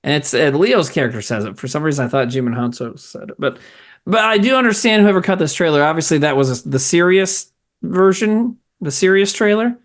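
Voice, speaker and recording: A male podcast host who tells stories in loose comedy chat, swearing freely as he goes. His pitch swings widely and his delivery is animated. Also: fairly quick. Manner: animated, profane storytelling.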